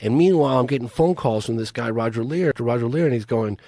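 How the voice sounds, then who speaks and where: Man, podcast guest, filmmaker, earnest, urgent, medium pitch, dry close sound. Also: quick pace, creaky, warm tone, dry recording. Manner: earnest, urgent, pleading appeals. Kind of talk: casual interview talk.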